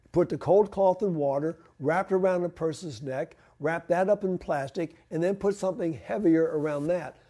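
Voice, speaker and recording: Guy explaining home remedies at church, kinda high voice but mellow, chatty q and a. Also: moderate pace. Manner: conversational, asks and answers own questions. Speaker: health presenter. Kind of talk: church health talk. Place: church hall.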